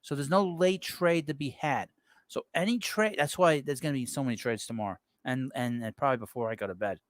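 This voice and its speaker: This medium-pitched male voice runs a little fast, recorded with no echo. He's hosting a casual live-stream talk about baseball, reading out viewer messages and reacting offhand as he rambles.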